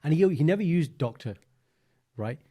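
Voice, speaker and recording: A man, co-hosting a podcast in a chatty, animated storytelling way with lots of fillers. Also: a little high, moderate pace, husky. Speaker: podcast co-host. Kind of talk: casual chat.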